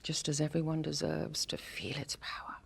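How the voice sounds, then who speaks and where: Brief: stately older lady, very low husky gravelly voice. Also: little pitch movement, whispered, exaggerated voice. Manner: grave, measured, dignified. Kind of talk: period drama acting.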